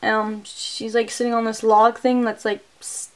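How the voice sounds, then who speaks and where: A woman's voice: a little high, level tone, a little slow. A woman reviewing a movie, casually recapping the plot with lots of "like" and "um". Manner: chatty, full of "like" and "um".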